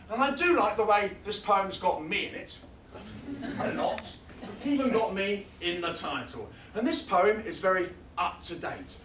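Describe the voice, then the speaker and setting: A man, middle-aged, performing comic poetry live at a fringe festival, his voice sitting high for a man. He delivers lines with wry emphasis and drifts into chatty asides with the crowd. The sound is roomy and distant, with a faint hum of ambience behind it. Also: expressive, a bit bright. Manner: emphatic, wry, punchy delivery with a drawn-out repeated refrain; chatty asides and banter with the audience between lines. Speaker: performance poet. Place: fringe festival stage, indoors.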